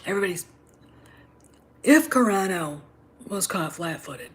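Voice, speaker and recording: A middle-aged woman hosting a livestream, talking in an emphatic, combative way and often dropping to a low whisper. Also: lively intonation, unhurried. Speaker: show host. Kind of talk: opinionated livestream monologue.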